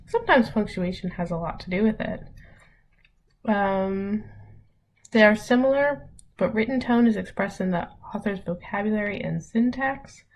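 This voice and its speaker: A woman's voice: mid-range voice, moderate pace, slight background noise, rough recording. A young adult woman teacher walks through a recorded online lesson. She explains step by step, chatty and full of ums.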